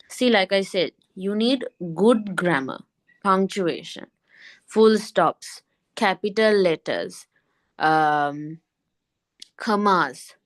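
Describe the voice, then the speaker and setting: A woman teaching an English lesson online, often repeating a point and asking quick checking questions. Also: medium pitch.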